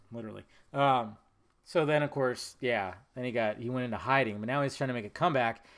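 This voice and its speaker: A man's voice: mid-range voice, brisk, a bit bright. A man hosting a solo podcast, talking casually and rambling, with profanity and frequent laughter. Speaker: podcast host.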